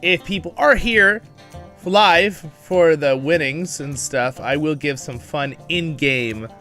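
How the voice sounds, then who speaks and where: A man's voice: a little high, takes it slowly, bright, forceful tone, faint music behind. A man hosting a casual livestream, chatty and upbeat, greeting viewers by name and laughing often, with a bit of a morning voice. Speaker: livestream host.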